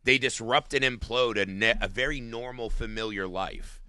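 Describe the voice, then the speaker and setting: A middle-aged man co-hosting a podcast in casual, animated chat, swearing and laughing as he acts out quotes. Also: mid-range voice, moderate pace, no room sound, clean studio sound. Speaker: podcast co-host.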